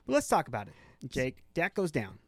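A man's voice: a little high, wildly swooping pitch, brisk, no room sound, studio quality. A man co-hosting a casual sports podcast, teasing his partner in playful banter. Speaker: podcast co-host.

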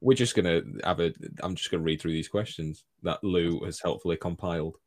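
A man's voice: low voice, fairly quick. A man guest-hosting a podcast, chatting casually and teasing his friends. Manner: teasing, joking. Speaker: guest host. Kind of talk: casual chat.

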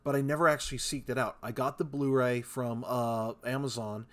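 A man's voice: mid-range voice, steady tone, normal speed, a bit bright. A man co-hosting a podcast in casual chat, laid-back and swearing freely, often stumbling over his words. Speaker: podcast co-host.

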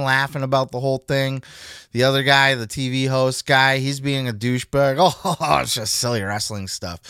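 A man's voice: medium pitch, bright, forceful tone, no room sound, studio quality. A man hosting a podcast, talking casually in a heated, profane rant. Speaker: podcast host. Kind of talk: casual chat.

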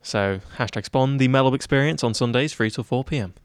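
A young man in his twenties talking in a relaxed interview, chatty and self-deprecating with lots of fillers. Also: medium pitch, a little fast, clean tone, dry recording, studio quality. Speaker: head of news at student radio. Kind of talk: casual interview chat.

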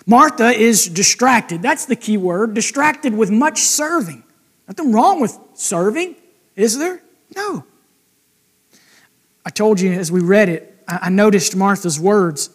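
Brief: man preaching, high-pitched, conversational, keeps questioning the listeners. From United States. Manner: conversational, asks the congregation questions. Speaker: pastor. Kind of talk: sermon.

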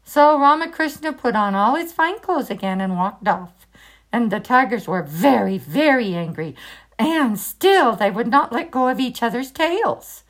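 A woman reading a children's story aloud, animated and expressive, with asides to the listener. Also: a little high, unhurried.

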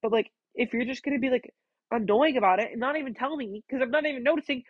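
A woman's voice: high voice, quick pace, heavy background noise. A teenage girl venting to the camera from her bedroom in a chatty, casual rant, filling every phrase with "like" and swearing freely. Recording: dull, lo-fi dry recording.

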